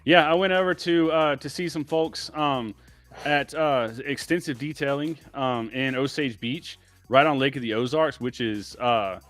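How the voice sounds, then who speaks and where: A man's voice: mid-range voice, unhurried, fairly bright tone, soft background music. A man talking as a guest on a casual livestream, laid-back and rambling, filling his talk with "like" and "man.". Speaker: guest, window tinter.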